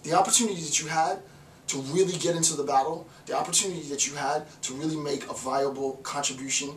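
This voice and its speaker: A man gives an informal philosophy lecture in an animated way. He repeats words and drops into little voices to act out his points. His slightly high voice carries a roomy echo from a mic set well back. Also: fast talker, recorded from a distance, background noise.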